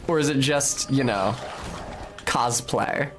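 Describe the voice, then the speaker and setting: A man's voice: mid-range voice, takes it slowly, over music. A man streaming a video game, chatting casually with viewers in a rambling, joking, profane way. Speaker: game streamer talking to chat. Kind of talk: casual live-stream chatter while playing.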